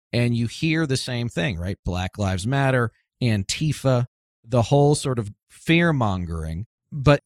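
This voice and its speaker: A man's voice: mid-range voice, no echo, studio quality. A man hosting a political podcast panel, steering the conversation with questions to his guests. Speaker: podcast host. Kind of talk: casual panel discussion.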